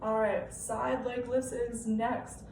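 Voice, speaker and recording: A woman's voice: fairly high pitch, level tone, slow pace, creaky, darkish tone. Young female fitness instructor, encouraging and chatty; echoey room, distant mic. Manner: upbeat, encouraging, checks in with "okay?". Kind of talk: live-style home workout instruction. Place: room at home. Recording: echoey room, off-mic, faint background hiss.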